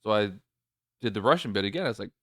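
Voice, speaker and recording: Nervous, rambling lowish male podcast host. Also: lively intonation, fast talker, fairly bright tone, no echo, clean studio sound. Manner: nervous, rambling with many restarts. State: voice cracking. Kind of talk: casual podcast storytelling.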